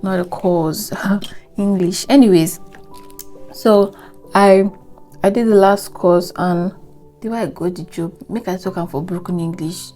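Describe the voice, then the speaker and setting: A woman's voice: on the low side, a little slow, pauses often, mellow, faint music behind. A young woman with a Nigerian accent giving a rambling, earnest life update, full of "you know" fillers. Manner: earnest and reflective, speaking of faith. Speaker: vlogger. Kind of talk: casual life update monologue.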